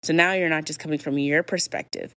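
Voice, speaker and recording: A woman's voice: low voice, fairly even intonation, a little fast, fairly bright tone, no echo. A woman hosting a podcast, giving candid, emphatic advice in a casual talk, sometimes acting out example apologies. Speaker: podcast host.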